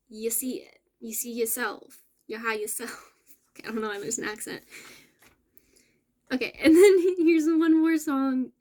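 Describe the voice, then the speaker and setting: A woman hosting a casual spiritual message for her viewers, gentle and affirming, with soft laughs and self-corrections. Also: on the high side. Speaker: spiritual channel host.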